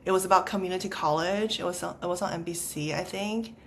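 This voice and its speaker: A woman's voice: on the low side, fast, vocal fry, slight background noise. A woman in her thirties with a Los Angeles Valley girl accent, a podcast guest chatting casually and scattering "like" through her sentences. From China. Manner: chatty, peppered with "like" fillers. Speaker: podcast guest, startup founder. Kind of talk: casual conversational interview.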